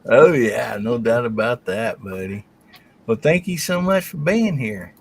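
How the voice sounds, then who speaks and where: Slow, lively folksy man hosting. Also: medium pitch, vocal fry, breathy edge. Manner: folksy, introduces each guest in turn. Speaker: host. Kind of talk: casual livestream chat.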